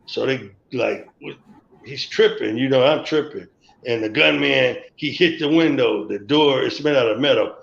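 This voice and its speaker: Gravelly man telling a story. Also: mid-range voice, normal speed. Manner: rambling, acts out quoted dialogue. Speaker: guest on a live stream. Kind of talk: storytelling memories. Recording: echoey, dull lo-fi stream audio.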